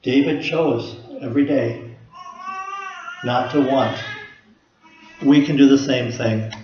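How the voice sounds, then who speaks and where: A man preaching a sermon to a congregation, earnest and steady, asking rhetorical questions. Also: mid-range voice, slow pace, faint music behind. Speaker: pastor. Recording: echoey room, slightly dull sound.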